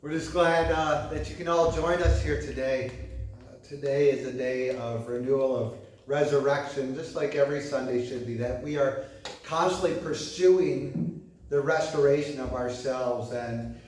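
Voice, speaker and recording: A man, preaching a gentle, earnest sermon full of fillers. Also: mid-range voice, steady tone, moderate pace, a little hiss or hum. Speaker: pastor. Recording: echoey room.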